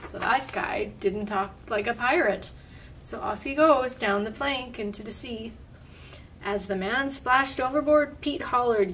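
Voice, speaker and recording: A woman reading a picture book aloud in a lively, expressive way, adding little asides. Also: fairly high pitch, unhurried. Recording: distant mic, faint room noise.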